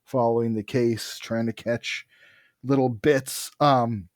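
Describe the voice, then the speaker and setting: A man's voice: medium pitch, steady tone, takes it slowly, no echo, clean studio sound. A man co-hosting a casual comic book podcast, retelling scenes and reading the characters' dialogue aloud. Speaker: podcast co-host. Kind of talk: casual chat.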